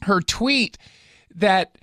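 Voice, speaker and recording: A man's voice: sits high, extremely slow, sharp tone, dry recording, studio quality. An American man hosting a casual commentary chat, wry and sarcastic in his delivery. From United States.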